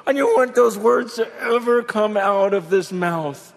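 A middle-aged pastor preaches a sermon built around a personal story told with emotion, sinking to a hush before rising to fervent emphasis. His voice sits high and gravelly, unhurried, with few pauses.

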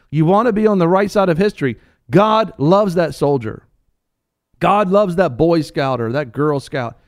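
Impassioned man preaching, hushed then loud. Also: sits high, no echo, studio quality. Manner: addresses listeners directly as sir and ma'am. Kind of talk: sermon.

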